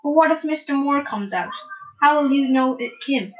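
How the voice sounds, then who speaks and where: A woman's voice: high-pitched, moderate pace, a bit bright, muffled recording, pitched above the performer's own voice. A woman reading aloud, voicing a spirited young girl who asks eager questions. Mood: curious.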